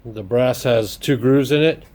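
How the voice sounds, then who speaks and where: A man's voice: medium pitch, a little slow, darkish tone. A man hosting a workshop vlog, joking and exclaiming as he works, slipping into a put-on Irish lilt. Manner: joking, playful, exclaims while working. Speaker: workshop DIY host. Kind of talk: casual workshop vlog commentary. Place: home workshop.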